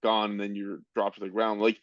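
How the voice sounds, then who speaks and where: A man co-hosting a history podcast, easygoing and thinking out loud as he reacts to the story. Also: on the low side, completely flat delivery, brisk, dry recording, dull audio. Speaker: podcast co-host. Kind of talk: casual history chat.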